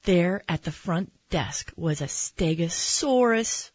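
Slow, breathy woman reading a bedtime story. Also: lowish voice, expressive, no echo, muffled recording. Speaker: storybook reader. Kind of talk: reading a picture book aloud.

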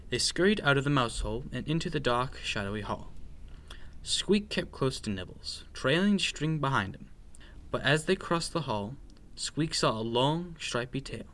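Bright, lively male storyteller. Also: medium pitch, moderate pace. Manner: expressive, sing-song narration. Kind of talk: children's bedtime story reading.

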